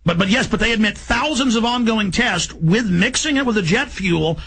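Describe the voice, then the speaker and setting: Talk radio host, man, gravelly and forceful, high-pitched agitated rant. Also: lively intonation, poor audio. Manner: agitated, rapid, emphatic ranting. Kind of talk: ranting talk radio monologue.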